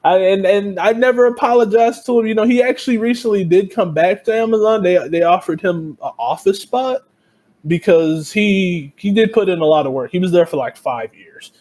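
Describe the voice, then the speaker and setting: A young man with a notably high-pitched voice chats casually. He tells his story in a heated, profane rush. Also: normal speed, darkish tone. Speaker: podcast co-host. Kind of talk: casual chat.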